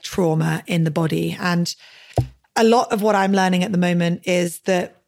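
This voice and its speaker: A woman's voice: lowish voice, gravelly, a little mellow. Chatty young woman podcast host. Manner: chatty, fills speech with "like", swears casually. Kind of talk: casual podcast chat.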